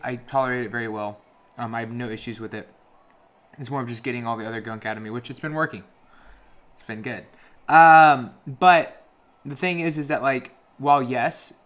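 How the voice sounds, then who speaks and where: A man's voice: medium pitch, a bit bright. A young man talking casually to camera in a fitness vlog, chatty and upbeat, explaining things step by step. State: out of breath after a workout. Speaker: fitness vlogger and coach.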